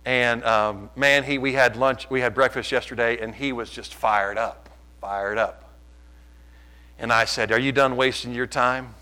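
A man preaching a sermon, impassioned and swinging from quiet to loud. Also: mid-range voice, steady tone, measured pace, clear, resonant tone, poor audio. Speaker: pastor.

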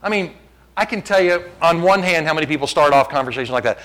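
A man in his fifties preaching a sermon as pastor, fervent and emphatic, swinging from loud climaxes to quiet prayer. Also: fairly high pitch, quick pace.

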